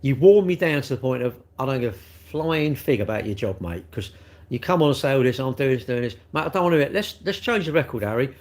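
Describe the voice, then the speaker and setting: A man's voice: medium pitch, sing-song, fast. A middle-aged man, chatting casually on a live stream and teasing viewers about their comments. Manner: jokey, teasing banter with chat.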